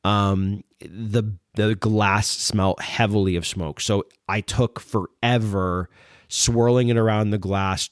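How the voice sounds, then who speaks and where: A man hosting a podcast, with a voice on the low side, rambles through a story in a loose, excitable way. He leans on fillers and restarts his sentences. The sound is dry and close, with no room echo. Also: clear, resonant tone. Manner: rambling, heavy use of fillers like "like" and "um"; excited, retelling events with restarts. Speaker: podcast host. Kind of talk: casual storytelling.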